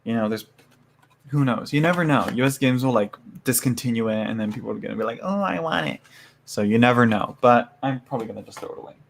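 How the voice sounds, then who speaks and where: A man's voice: mid-range voice, steady tone, fast, creaky, a little hiss or hum. Chatty man rambling through an unboxing. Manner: chatty, rambling, lots of fillers and laughs. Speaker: tarot reader unboxing a haul. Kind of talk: casual chat to live viewers.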